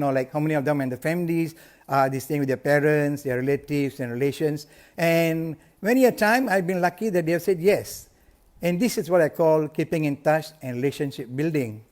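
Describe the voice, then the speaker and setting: Middle-aged guy pepping up sales agents, bit high voice, punchy and repetitive. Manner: energetic, emphatic, repeats key lines. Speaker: insurance sales coach. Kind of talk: motivational live talk.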